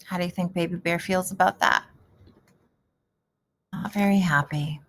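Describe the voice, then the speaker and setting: A woman teaching a kindergarten reading lesson, gentle and encouraging, who asks the children questions and then answers them. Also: on the low side, normal speed, a little hiss or hum.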